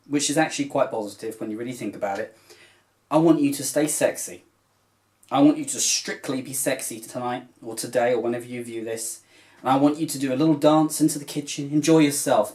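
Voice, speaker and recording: A man's voice: medium pitch, a little mellow. Heartfelt rambling man vlogging to camera. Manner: rambling and heartfelt, with many filler phrases. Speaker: cross-stitch vlogger. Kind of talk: casual chat to camera.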